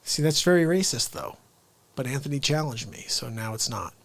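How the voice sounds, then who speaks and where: A man's voice: medium pitch, expressive, moderate pace, vocal fry, a bit bright. A man hosting a casual comedy livestream, playful and rambling as he chats. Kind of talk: casual live-stream chat.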